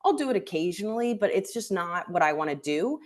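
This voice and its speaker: A woman comedian chatting as a guest on a podcast. She talks candidly and thoughtfully about her own path. Her voice sits a little low for a woman. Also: lively intonation, a little fast. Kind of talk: casual chat.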